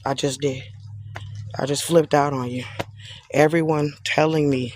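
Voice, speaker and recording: A man's voice: a little high, measured pace, slight background noise. A man on a live stream, sarcastically repeating himself in an exasperated rant at someone who accused him.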